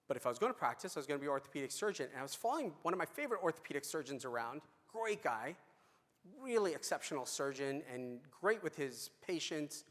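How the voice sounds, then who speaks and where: A man's voice: fairly high pitch, big pitch swings, fast, fairly bright tone. A middle-aged man giving a conference talk, telling a story in a conversational way with fillers and restarts. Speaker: conference speaker. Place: large conference hall. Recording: reverberant hall.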